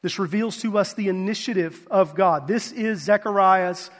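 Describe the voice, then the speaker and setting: A man's voice: high-pitched, normal speed, long reverb tail. A man, a pastor, preaching a sermon with earnest rhetorical questions.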